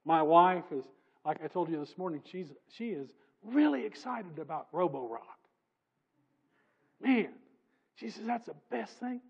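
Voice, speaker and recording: A man preaching a sermon in a church, emphatic and conversational, swinging from loud passages to soft asides. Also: on the high side, lively intonation, measured pace, creaky, long pauses, breathy edge, lo-fi sound. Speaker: pastor. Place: church sanctuary.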